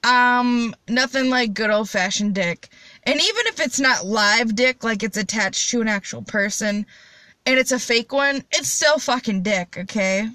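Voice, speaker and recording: Young woman, kinda high, swearing a lot and joking around, bright punchy voice, dry close sound. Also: expressive, unhurried, no echo. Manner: blunt, profane, rambling and joking. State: high on cannabis. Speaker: podcast host. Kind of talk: casual solo chat.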